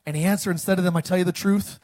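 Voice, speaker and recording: Racing along in a high voice, a male pastor reads scripture and urges the congregation to repeat after him. The call-and-response is animated, with lines that suddenly turn loud.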